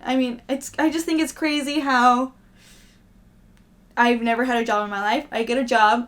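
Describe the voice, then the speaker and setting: A woman's voice: on the high side, steady tone, moderate pace, long pauses, a bit bright. A young woman vlogger in casual, rambling, self-deprecating chat to camera, often laughing.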